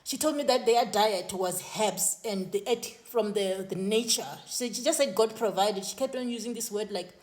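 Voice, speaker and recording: A woman's voice: medium pitch, moderate pace, few pauses, darkish tone. A woman earnestly recounting her spiritual visions to camera, often restarting and repeating words. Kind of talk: personal testimony to camera.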